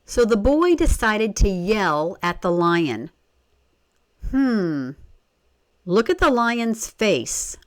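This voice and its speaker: A woman reading a children's story aloud in an expressive way, stopping to ask the listener questions. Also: mid-range voice, drawn-out words, pauses often, dry recording. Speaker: story reader.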